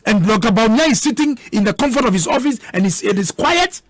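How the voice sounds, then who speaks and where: A man's voice: sits high, lively intonation, brisk, dry recording. A man with a Ghanaian accent, arguing heatedly as a guest in a radio debate, combative and repeating words for emphasis.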